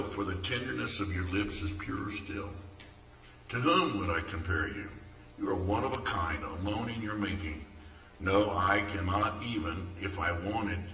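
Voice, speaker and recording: A man's voice: sits low, noisy background. A man earnestly reading his own poems aloud at a community event, tender and heartfelt. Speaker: poetry reader. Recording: echoey room from far off.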